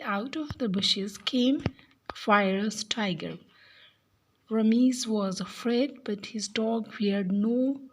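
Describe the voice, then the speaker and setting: A woman English teacher giving a recorded lesson, speaking slowly and deliberately and repeating each word for her pupils. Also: mid-range voice, slight background noise.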